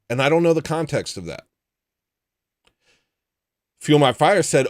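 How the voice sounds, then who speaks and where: A man's voice: fairly high pitch, lively intonation, measured pace, pauses often, dry recording. A man hosting a livestream, chatting casually and making dry, sardonic asides. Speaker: livestream host. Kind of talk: casual chat reading viewer comments.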